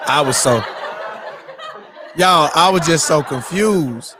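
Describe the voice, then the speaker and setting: A man hosting a morning show, telling a story in a lively, excitable way and acting out his own reactions. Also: fairly high pitch, slow, long pauses. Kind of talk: animated casual storytelling.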